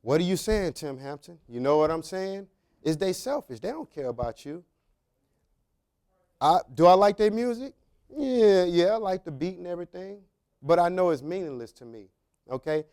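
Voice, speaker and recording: A man's voice: high voice, normal speed, long pauses, clean tone. A man, a former prison officer, giving a storytelling talk to young men, acting out dialogue in colloquial, loose phrasing. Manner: animated storytelling with acted-out dialogue; colloquial, drawling street phrasing.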